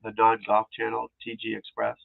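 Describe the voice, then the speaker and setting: A man's voice: on the low side, completely flat delivery, a little fast, vocal fry. A man rambling in casual live-stream chat, restarting sentences and talking to his viewers, with tinny phone-like audio. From New England. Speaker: golf instructor streaming live.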